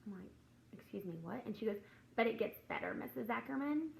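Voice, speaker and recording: Chatty woman with a gravelly voice. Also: on the high side, expressive, brisk, slight background noise, rough recording. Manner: chatty storytelling, acts out classroom dialogue. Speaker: teacher and Christian video host. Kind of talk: casual devotional talk to camera.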